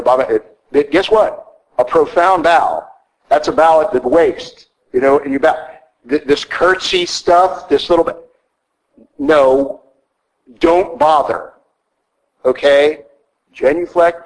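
On a low-quality recording, a fairly high-pitched middle-aged priest preaches bluntly and conversationally in a church. He keeps checking in with "okay?" throughout the sermon.

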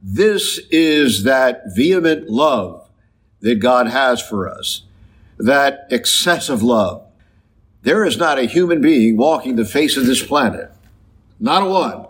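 A man, a priest, preaching a sermon slowly and emphatically, drawing out key phrases. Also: mid-range voice, lively intonation, husky. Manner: slow, emphatic preaching with drawn-out stressed phrases.

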